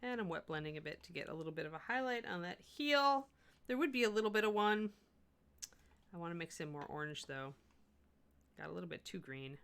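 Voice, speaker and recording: A woman's voice: lowish voice, fairly quick, long pauses, clear, resonant tone. A middle-aged woman hosting a miniature painting livestream, chatting casually and thinking aloud as she works. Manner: chatty, thinks aloud, self-correcting and animated. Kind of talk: casual chat while painting, answering chat.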